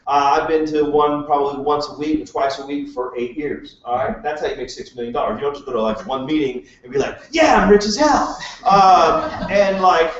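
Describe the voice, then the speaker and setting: High-voiced man pitching to a live room. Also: fairly quick, few pauses. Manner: joking, chatty, asks the crowd questions. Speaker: presenter at a live business meeting. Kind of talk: casual sales pitch to a live audience. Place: meeting room with a live audience. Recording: echoey room, distant mic, dull sound.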